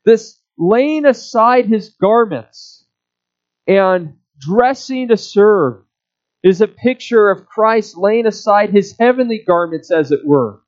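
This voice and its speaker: Guy preaching a sermon, high voice, slow and measured, kinda dull lo-fi sound. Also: animated. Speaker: pastor.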